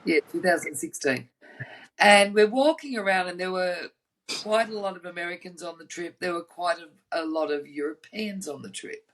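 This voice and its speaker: A woman's voice: on the low side, normal speed, a bit bright, rough recording. An Australian woman co-hosting a podcast, telling blunt, cheeky stories in a casual chat over a video call. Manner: chatty storyteller, blunt and cheeky. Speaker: podcast co-host.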